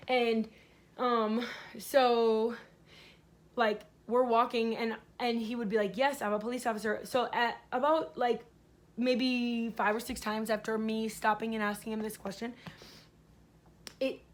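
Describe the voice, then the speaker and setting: A woman vlogger telling a story in a casual, rambling way, full of fillers. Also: fairly high pitch. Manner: rambling, filler-heavy, animated retelling.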